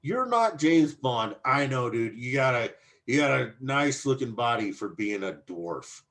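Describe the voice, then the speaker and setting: A man hosting a podcast, trading loose, crude banter with a brash edge. His pitch swings widely as he talks, bouncing up and down through each line, though his voice sits at an ordinary middle height for a man. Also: very animated, a little slow, fairly bright tone. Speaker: podcast host. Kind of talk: casual chat.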